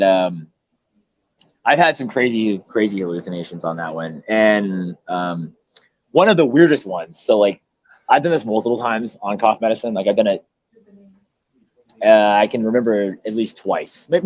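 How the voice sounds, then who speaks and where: A man's voice: fairly low pitch, animated, moderate pace, darkish tone, dry recording. A young man in casual chat, telling a rambling story with hesitations and restarts. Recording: dull lo-fi recording.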